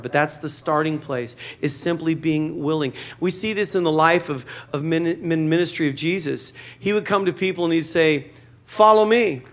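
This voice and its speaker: A man's voice: a little high, fairly bright tone. A man preaching a sermon to a church congregation, conversational and joking, acting out short quotes. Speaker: pastor.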